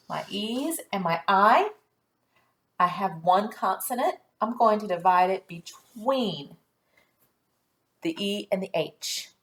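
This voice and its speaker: A woman teacher giving a patient, clearly spoken phonics and dictation lesson for young children. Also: medium pitch.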